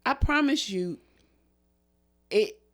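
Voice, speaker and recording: A woman's voice: on the high side, expressive, slow. A young adult woman co-hosting a podcast in casual chat. She swears freely and talks in long, heartfelt runs, close to tears. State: emotional, near tears. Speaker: podcast co-host.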